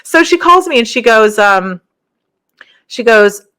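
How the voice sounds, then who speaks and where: A woman hosting a podcast, talking casually through her stories with frequent laughs and rambling asides, her voice jumping higher whenever she quotes someone. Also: lively intonation, slow, fairly bright tone, clean tone. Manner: jumps up in pitch when quoting others. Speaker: podcast host. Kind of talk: casual spiritual monologue.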